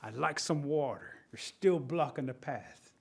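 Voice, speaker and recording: A man's voice: a little high, a little slow, vocal fry, breathy edge, full character voice. A sly, whining male trickster rabbit from a spoken folk tale , voiced by a man. He begs and pleads in a slightly raised voice, then turns cheeky. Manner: whiny, pleading.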